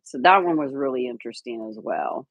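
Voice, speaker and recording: A woman's voice: a bass voice, expressive, a little fast, no echo, narrow, tinny audio. A woman hosting a livestream, chatting casually with viewers and a co-host, rambling with fillers and restarts.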